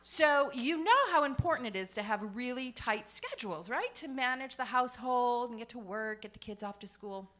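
A woman's voice: fairly high pitch, animated, moderate pace, hardly any pauses, sharp tone. A woman performing a stand-up comedy set on a comedy club stage, chatty and self-deprecating with punchline-driven timing.

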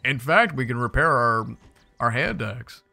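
Excitable young man, bright lively voice. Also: mid-range voice, a little slow, gravelly, soft background music. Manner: playful, excitable, jokey asides to viewers. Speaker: gaming YouTuber. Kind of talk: casual gameplay commentary.

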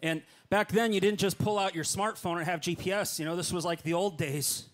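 A middle-aged man preaching, telling a long personal story in a lively way and acting out his own lines. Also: brisk. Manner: animated, acts out his own lines with jumps in pitch. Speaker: pastor. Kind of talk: storytelling sermon.

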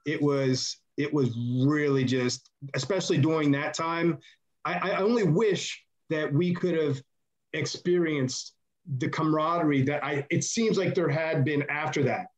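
A man telling backstage stories as a podcast guest, rambling and animated, loudly acting out the voices of the people he quotes. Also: on the high side, measured pace. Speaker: podcast guest, former wrestler. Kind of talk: casual storytelling interview.

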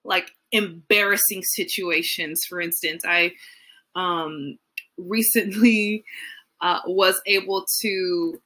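A woman's voice: mid-range voice, sharp tone, husky. A young adult woman leading a youth Bible study in a casual, chatty way, full of fillers and acted-out quotes.

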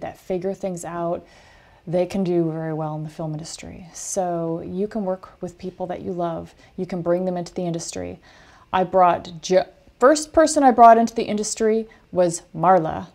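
Animated woman coaching an online class. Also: lowish voice. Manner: animated storytelling with lively asides. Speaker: film industry coach. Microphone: video call.

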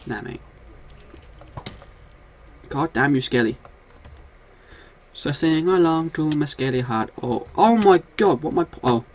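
A man talks through his game session at a mid-pitched, everyday register, quick to exclaim and grumble at creatures that threaten his house. The keys of a keyboard tap faintly behind him as he plays. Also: vocal fry, slight background noise. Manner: excitable, swears and scolds game monsters. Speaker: gaming video host. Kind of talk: casual gameplay commentary.

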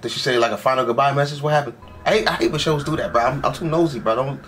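Racing through his reaction to an anime episode, a young man speaks in a mid-range, slightly bright voice with faint music in the background. He's slangy, talks back at the screen and says "bro" constantly.

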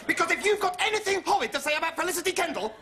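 An actor playing a hysterical, self-righteous young student who rants and shouts in a British accent. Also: male voice, expressive, rapid-fire, heavily acted. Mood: ranting. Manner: shrill ranting, shouting. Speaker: sitcom character. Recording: studio audience laughter behind. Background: audience laughter and noise.

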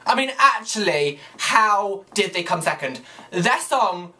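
A tired young man, chatting casually to camera in a vlog, ranting and swearing excitedly. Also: high voice, slow. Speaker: vlogger.

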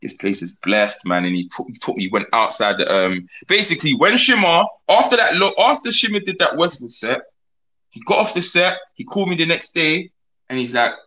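A man's voice: a little high, sing-song, a little fast, sharp tone, rough recording. A man, a rapper guest telling stories in a rambling, slang-heavy way that often restarts. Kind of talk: casual storytelling chat.

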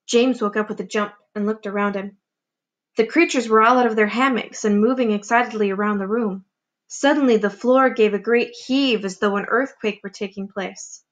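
A woman teacher reading a children's book aloud, narrating in a clear, expressive storytelling manner. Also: medium pitch, brisk.

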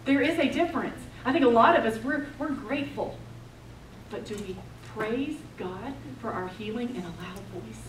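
A woman preaching a sermon at a retreat, telling the story with passion and swinging between loud declarations and hushed, intense moments. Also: on the high side, moderate pace, slight background noise. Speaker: women's retreat speaker. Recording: roomy, distant mic, faint ambience.

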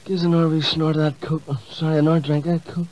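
A man's voice: on the high side, little pitch movement, brisk, a little mellow, natural voice. A man voicing a drunken, rambling, crude snooker player. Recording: muffled comedy CD.

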